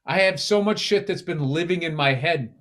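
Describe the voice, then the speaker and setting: A man's voice: fairly high pitch, normal speed, fairly bright tone. Profane, ranting man in his fifties. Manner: blunt, profane, ranting and teasing. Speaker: podcast co-host. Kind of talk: casual chat.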